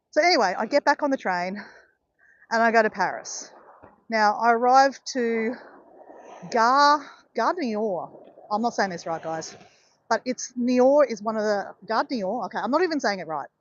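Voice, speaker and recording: Out on a walk, this middle-aged woman vlogs in a chatty way, spinning a story and repeatedly saying "guys" and "right" as she checks in with viewers. She speaks on the high side, with no echo and the upper frequencies cut off.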